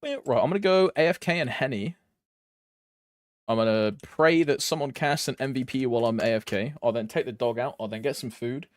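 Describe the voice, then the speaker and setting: Fairly quick and medium in pitch, a man chats loosely on a live stream in slangy talk. He laughs often and trails off mid-thought, giving casual stream commentary.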